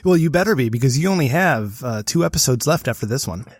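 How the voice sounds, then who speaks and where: Rambling podcast host with tired voice. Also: male voice, medium pitch, lively intonation, quick pace, no room sound, studio quality. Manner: rambling, self-deprecating, swears casually. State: voice a bit worn. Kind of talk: casual chat.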